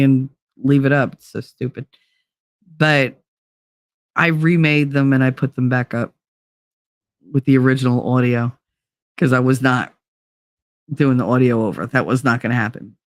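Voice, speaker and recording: A woman's voice: a bass voice, no room sound, clean studio sound. A woman hosting a casual livestream, rambling and chatting with her viewers by name. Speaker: livestream host.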